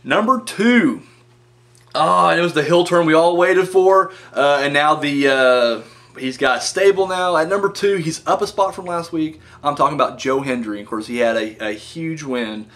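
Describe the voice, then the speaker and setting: A man's voice: a little high, moderate pace, fairly bright tone. A man hosting a casual wrestling countdown vlog, rambling with frequent fillers and correcting himself as he goes. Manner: casual and joking. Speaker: wrestling review vlogger.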